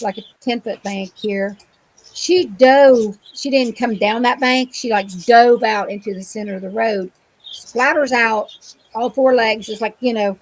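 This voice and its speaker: A woman's voice: mid-range voice, poor audio. A woman from Ohio, a guest in an interview, retelling her experiences in a rambling, vivid way full of fillers over a remote call microphone. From Ohio, USA. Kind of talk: casual storytelling interview.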